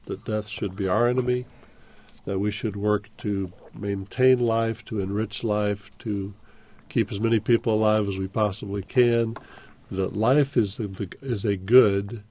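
Radio host guy, low gravelly voice, keeps restarting his sentences. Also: fairly even intonation, a little slow, mellow, a little hiss or hum. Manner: thoughtful, restarts his phrases often. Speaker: radio talk show host. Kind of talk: discussion of a novel on call-in radio.

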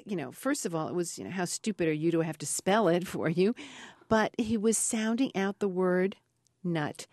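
A woman researcher being interviewed, telling lively anecdotes and acting out the voices in them. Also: medium pitch, dry recording, clean studio sound. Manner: animated storyteller, acts out voices in anecdotes. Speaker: parrot researcher guest. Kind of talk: interview storytelling.

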